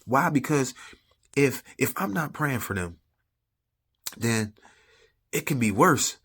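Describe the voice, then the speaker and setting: A man's voice: medium pitch, animated, takes it slowly, a bit bright, husky. A man speaking casually about faith and family, talking to viewers in a loose, conversational way with lots of "you know what I'm saying" fillers. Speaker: vlogger sharing personal testimony. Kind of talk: casual faith-based storytelling.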